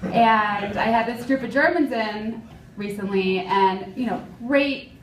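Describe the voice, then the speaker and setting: A woman's voice: medium pitch, measured pace, recorded from a distance, slight background noise. A young woman from Philadelphia performing a stand-up comedy set in a dry, self-deprecating manner. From Philadelphia, USA. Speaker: stand-up comic. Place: comedy club stage. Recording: echoey club, mic from afar.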